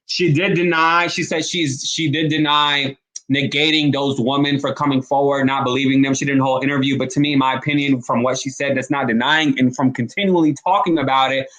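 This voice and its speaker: A man's voice: medium pitch, fairly even intonation, fairly quick, fairly bright tone. A man giving casual, emphatic commentary on a vlog, speaking in slang and addressing viewers directly. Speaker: online commentator.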